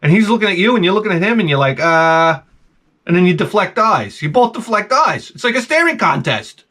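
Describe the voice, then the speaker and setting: Animated older man telling comic stories. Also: high voice, brisk. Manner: animated, profane, acts out his own reactions. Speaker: vlog host. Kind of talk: comic storytelling monologue.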